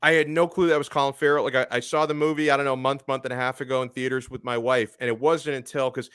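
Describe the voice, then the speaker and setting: A man hosting a sports talk show in casual chat, joking and animated, often repeating himself as he talks. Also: medium pitch, fast, clear, resonant tone, dry recording, studio quality. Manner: joking, animated, stumbles over words.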